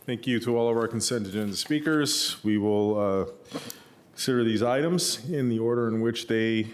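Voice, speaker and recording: A man chairing a public board meeting. He runs the procedure with casual pauses. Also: mid-range voice.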